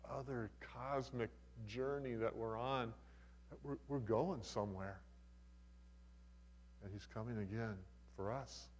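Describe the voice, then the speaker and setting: Older pastor preaching in an echoing hall. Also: male voice, medium pitch, darkish tone, a little hiss or hum. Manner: conversational, folksy, with humorous asides. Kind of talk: sermon.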